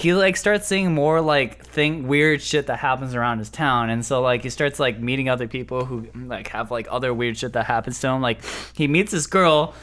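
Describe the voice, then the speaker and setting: A man's voice: mid-range voice, a bit bright, clear, resonant tone. A tipsy young man, a guest on a casual chat, stumbling through a long plot summary with lots of fillers. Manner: rambling, hesitant, full of "like". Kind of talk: drunk casual chat, retelling an anime plot.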